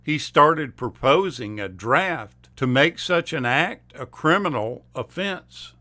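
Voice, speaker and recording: A man narrating movie trivia as the host, reading a script in an unhurried, steady way. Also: medium pitch.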